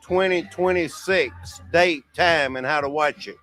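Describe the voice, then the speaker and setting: A man's voice: fairly high pitch, a little slow, a bit bright. A man hosting a casual livestream, rambling and chuckling as he talks to his viewers. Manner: rambling, laughs often, talks to viewers as "y'all". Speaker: livestream host.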